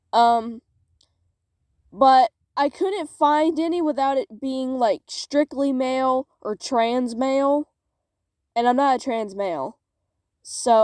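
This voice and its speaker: Young woman vlogger, slightly high voice, dry close sound, wry and swears a lot. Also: darkish tone, dry recording. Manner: sarcastic, swears, laughs at herself. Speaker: fanfic reader vlogger. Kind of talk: casual reading aloud with commentary. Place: small closet.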